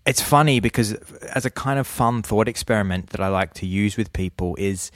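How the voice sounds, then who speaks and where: A man in casual conversation, acting out quoted voices in a hushed whisper. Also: fairly low pitch, fairly quick, no echo, clean studio sound. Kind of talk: casual chat.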